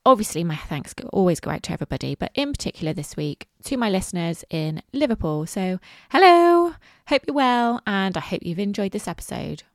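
A woman's voice: on the low side, expressive, fast talker, hardly any pauses, dry recording, studio quality. A woman in her forties hosting a solo podcast, chatty and self-deprecating. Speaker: podcast host. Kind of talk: casual solo podcast talk.

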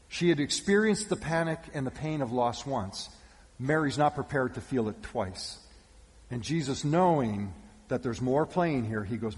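A male pastor giving a sermon with animated storytelling, shifting between loud calls and hushed asides. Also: medium pitch, moderate pace. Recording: long reverb of a church hall.

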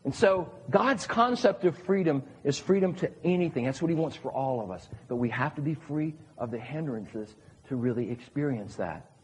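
A man's voice: mid-range voice, animated, moderate pace, slightly rough. A male pastor giving a sermon at a church service in a conversational way, asking his listeners questions. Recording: long reverb of a large hall.

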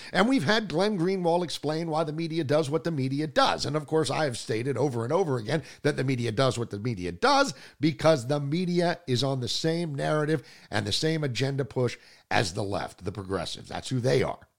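Gravelly, animated male talk host. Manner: sarcastic, combative, swings from loud outbursts to low mutters. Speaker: political talk show host. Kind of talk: opinionated political commentary.

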